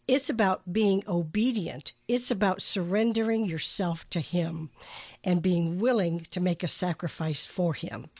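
A woman hosting a devotional podcast, talking earnestly and slowing down to stress key phrases. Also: lowish voice, no echo. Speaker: podcast host. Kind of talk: devotional teaching talk.

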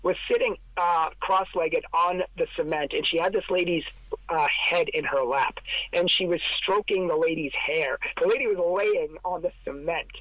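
A man's voice: on the high side, moderate pace, a bit bright, no echo, rough recording. A man talking as a podcast guest, telling his story in an earnest, emphatic way and counting off his points. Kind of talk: casual storytelling.

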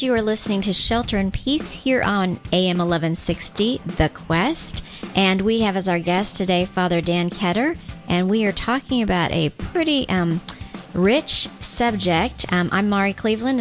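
A woman co-hosting a radio talk show, affirming and conversational. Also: medium pitch. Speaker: radio co-host.

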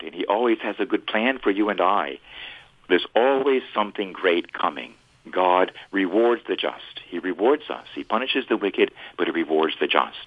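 A priest telling a story in an animated way on a radio talk show. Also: male voice, fairly low pitch. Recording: tinny phone-like radio line.

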